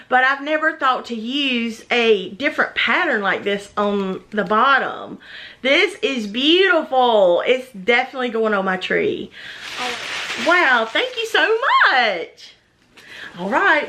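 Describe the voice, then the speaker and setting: A woman's voice: fairly high pitch, background noise. A woman gushing and gasping with delight as she opens gifts in a casual unboxing vlog. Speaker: vlogger unboxing a gift box.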